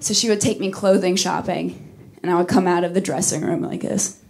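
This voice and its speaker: A woman's voice: fairly low pitch, brisk, creaky, heavy background noise. A woman in her thirties doing a stand-up comedy set, brash and profane, telling stories with big energy. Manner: brash, profane, animated storytelling. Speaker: stand-up comic. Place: comedy club stage.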